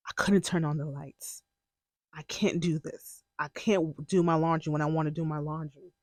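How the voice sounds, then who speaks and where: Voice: medium pitch, steady tone, moderate pace, no room sound. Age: young adult. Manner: candid, emotional storyteller. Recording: dry. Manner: candid and emotional, breaks into laughs and tears; relives moments by quoting their own past words. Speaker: podcast host telling own story. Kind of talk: casual personal storytelling.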